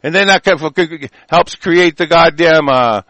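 A man giving angry, profane ranting commentary in reaction to the news, with shouted bursts and many halting fillers. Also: fairly high pitch, dry recording, rough recording.

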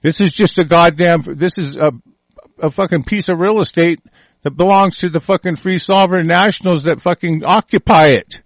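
A man's voice: a little high, normal speed, dry recording. A man delivering a heated, profane political rant, stumbling over his words.

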